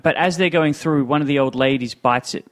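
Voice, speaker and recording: Foul-mouthed, higher-voiced man recapping a film. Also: a little fast. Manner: profane, animated retelling with acted-out quotes. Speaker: podcast co-host. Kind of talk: casual movie discussion.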